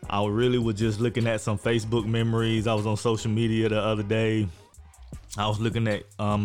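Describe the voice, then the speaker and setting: Young man, podcast host, low-ish voice, laid-back, frank, profane, casual monologue. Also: clear, resonant tone. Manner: laid-back, frank and profane, often says "you know what I'm saying".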